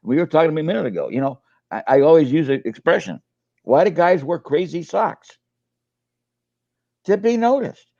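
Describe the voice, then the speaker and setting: A man's voice: fairly high pitch, lively intonation, a little fast, vocal fry, a little mellow, no room sound, muffled recording. An older man and co-host, telling folksy sales stories in a casual webinar chat, often repeating his words. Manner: folksy storyteller, repeats words, uses fillers.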